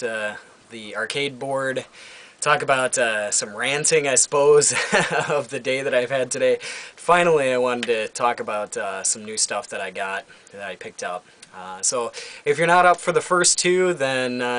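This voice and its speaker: A man's voice: medium pitch, pushed and bright. A young man ranting casually in a vlog from his home, rambling with many fillers and some swearing. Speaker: vlogger.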